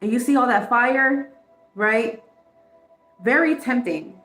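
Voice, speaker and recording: A woman's voice: on the high side, slow pace, fairly bright tone, soft background music. Chatty woman reading tarot, echoey room. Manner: chatty, candid, swears, laughs often. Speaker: tarot reader. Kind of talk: casual tarot card reading.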